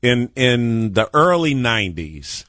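A man's voice: medium pitch, big pitch swings, slow, a bit bright, no echo, clean studio sound. Hearty slangy male interview host. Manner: hearty, slangy, calls guest brother. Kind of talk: casual interview chat.

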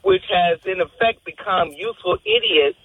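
A woman's voice: fairly low pitch, normal speed, breathy edge, no echo. A woman from Virginia calling in to a radio show, earnest and rambling, searching for words. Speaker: caller. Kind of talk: call-in radio commentary. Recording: tinny phone line.

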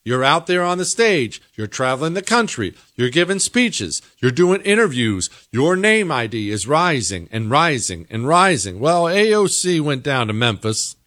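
A man's voice: a little high, big pitch swings, normal speed, few pauses, fairly bright tone, no room sound, clean studio sound. A man hosting a political commentary monologue, talking in an opinionated, emphatic way. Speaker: host.

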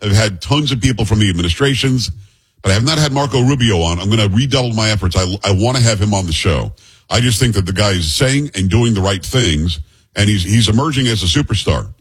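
A man's voice: on the low side, expressive, fast, slightly rough, poor audio. A male talk radio host in a chatty, opinionated monologue, putting direct questions to his listeners.

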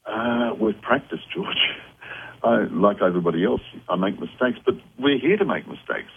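A man's voice: fairly low pitch, animated, moderate pace, vocal fry, noisy background. A man speaking as a psychic guest on a call-in radio show, earnest and reassuring as he explains. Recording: tinny phone line.

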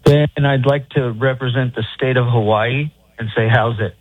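A man's voice: mid-range voice, fairly even intonation, normal speed, no room sound. A man calling in to a sports radio show, rambling hesitantly through his opinion. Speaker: caller. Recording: dry phone line.

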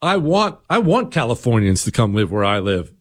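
A man's voice: medium pitch, very animated, normal speed, husky, dry recording. Middle-aged guy doing talk radio, sarcastic teasing tone, super dry close sound, no room at all. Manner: sarcastic, teasing, mock-confiding asides. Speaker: talk show host.

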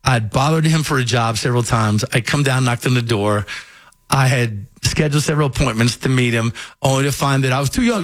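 A man's voice: medium pitch, a little fast, no echo. A man from Kentucky with a faint Southern accent, a radio host telling stories in casual on-air chat. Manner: animated storyteller, acts out voices.

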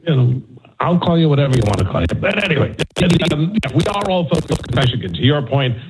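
A man's voice: a little high, very animated, fast talker, very noisy. A man, a national correspondent, giving conversational political analysis with frequent fillers and restarts. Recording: tinny phone line.

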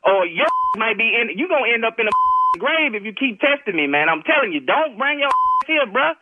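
A man on the phone, talking in a threatening, animated way with lots of slang. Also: very high-pitched, a little fast. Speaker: prank call target. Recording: muffled phone line.

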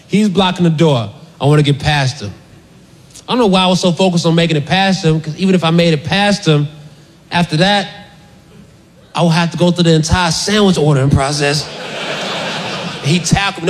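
A man doing stand-up, telling a story in an animated, shouty way and laughing through punchlines. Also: high voice, noisy background. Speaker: stand-up comedian.

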